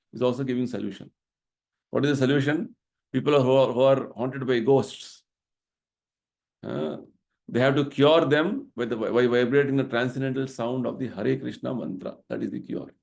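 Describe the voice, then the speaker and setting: A middle-aged man delivers a devotional lecture, with a gravelly, fry-edged texture in his voice. He speaks in a medium register and explains each point earnestly, often pausing to check with the room by asking "right?". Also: medium pitch, a little mellow. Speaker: temple vice president giving a spiritual talk.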